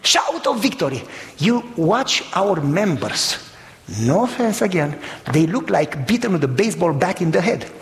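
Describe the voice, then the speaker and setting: A man preaching a sermon in an animated storytelling manner, exclaiming and acting out voices. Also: sits high, moderate pace, slight background noise. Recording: long reverb of a hall.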